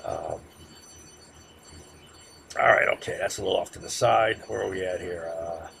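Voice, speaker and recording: Casting: male lecturer, very gravelly, mid-pitched, chatty and heated, faint hiss behind. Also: normal speed. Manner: conversational, peppers sentences with "right?"; gets loud and heated when making a point. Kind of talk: classroom lecture.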